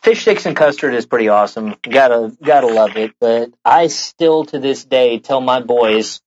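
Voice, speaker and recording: A man of middle pitch chats eagerly on a podcast panel, spinning little stories behind his votes. His audio sounds dull and lo-fi, like a modest call mic. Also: moderate pace, slight background noise. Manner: chatty, enthusiastic storyteller. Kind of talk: casual panel chat.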